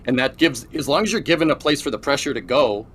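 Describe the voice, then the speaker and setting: A man's voice: medium pitch, expressive, fast talker, fairly bright tone, slight background noise. A man co-hosting a livestream, explaining rocket staging in a loose, restart-filled way. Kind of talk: casual technical chat.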